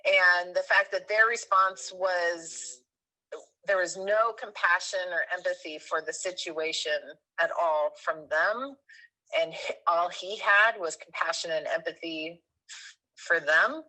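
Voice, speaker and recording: A woman in her thirties, a guest telling a personal story in a casual, animated way, rambling with fillers and correcting herself. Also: fairly low pitch, measured pace, low-quality recording.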